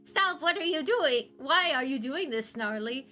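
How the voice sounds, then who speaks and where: A woman's voice: sits high, expressive, unhurried, bright, forceful tone, faint music behind, exaggerated voice. A woman voicing a scheming, gloating male villain while reading a comic aloud. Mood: alarmed. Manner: gloating, sneering delivery. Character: scheming villainous male robot-maker Scrooge. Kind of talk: comic read aloud with voices.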